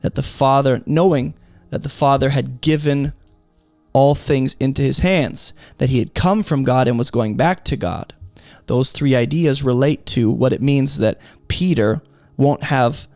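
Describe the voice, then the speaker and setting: Gravelly-voiced man teaching Bible verses. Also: mid-range voice, measured pace, a little mellow, no echo, faint music behind. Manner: emphatic, explanatory, asks rhetorical questions.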